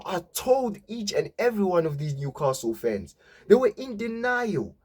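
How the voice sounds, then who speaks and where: A man's voice: high-pitched, big pitch swings, moderate pace, darkish tone, breathy edge. A young man, a football fan vlogger giving a mocking, swearing rant and tagging his lines with "yeah?". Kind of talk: ranting fan reaction.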